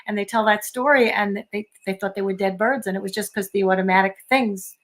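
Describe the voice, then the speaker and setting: A woman's voice: medium pitch, brisk. An older woman, telling stories in a casual chat and laughing often. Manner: animated storyteller, laughs often. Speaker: co-host.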